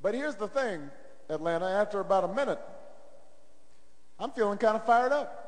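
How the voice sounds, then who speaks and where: A middle-aged man tells a rally story with a striking high-pitched voice that climbs into a chanting call-and-response. His words ring out with a long reverb through a large arena. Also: animated, moderate pace. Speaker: presidential candidate. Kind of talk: campaign rally speech.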